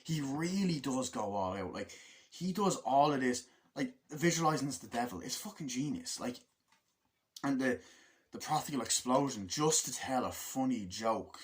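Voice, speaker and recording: Rambling, excitable young-sounding man reviewer. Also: medium pitch, normal speed. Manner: excitable, rambling, heavy use of "like" and swearing. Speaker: movie reviewer. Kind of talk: casual movie review.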